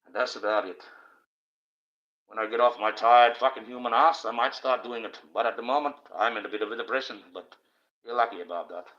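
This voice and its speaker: A man's voice: medium pitch, fairly quick, sharp tone. Swearing, ranting man on a livestream. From Australia. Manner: coarse, swearing, repetitive ranting. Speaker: livestream host. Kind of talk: profane rambling monologue. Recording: dull lo-fi stream audio.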